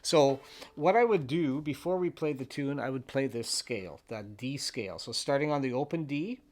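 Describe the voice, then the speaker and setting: A man's voice: medium pitch, normal speed, background noise. A man giving a patient fiddle lesson, explaining scales and counting the beats aloud. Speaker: fiddle teacher. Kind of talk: step-by-step instrument lesson. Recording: with fiddle playing in between.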